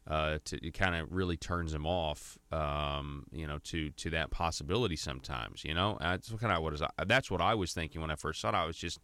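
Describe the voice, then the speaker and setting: Low, crisp-voiced radio host. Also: male voice, bright, forceful tone, no room sound. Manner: halting, with many fillers and restarts. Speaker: radio talk show host. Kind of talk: casual radio chat.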